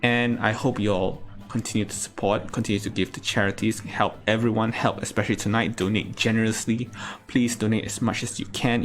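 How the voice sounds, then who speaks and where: A man from Singapore performing a stand-up comedy set, telling a story deadpan with sudden outbursts. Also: lowish voice.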